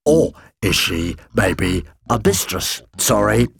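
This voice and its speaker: A man voicing a hulking, furry male monster who speaks in a slow, unbothered drawl for an audiobook. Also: low-pitched, animated, vocal fry, fairly bright tone, slightly rough, exaggerated voice. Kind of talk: audiobook character voice.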